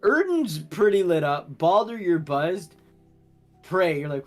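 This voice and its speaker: A man narrating as dungeon master, lively and stumbling over his words. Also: sits high, slow pace, faint music behind. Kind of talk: narrating a tabletop game.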